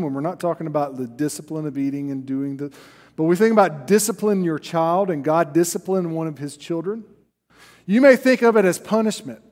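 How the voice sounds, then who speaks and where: A man's voice: a little high, a little mellow, in a large hall. A man preaching a sermon as a pastor, earnest and emphatic, repeating his key phrases.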